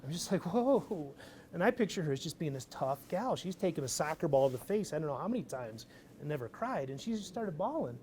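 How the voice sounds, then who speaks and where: A man speaks to a live audience from a stage, his voice sitting a little high for a man. He talks in a loose, energetic, swear-happy way. Faint room ambience runs under him. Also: fast, slight background noise. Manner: casual, energetic, swears freely. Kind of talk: motivational talk to an audience. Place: event stage.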